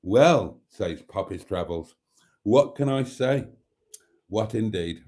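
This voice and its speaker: British man, livestream host, reads out chat comments, warm mellow tone, jokey banter. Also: on the low side, expressive, takes it slowly. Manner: reads viewer comments aloud and banters back; chuckling, joking, often clears his throat.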